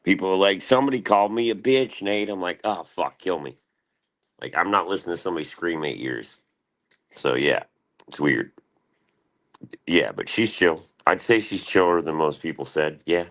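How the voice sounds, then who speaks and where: Super deep voiced dude rambling on his livestream, swears a lot. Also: moderate pace, a bit bright. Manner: rambling, profane, answers chat. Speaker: livestream host. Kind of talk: casual livestream chat.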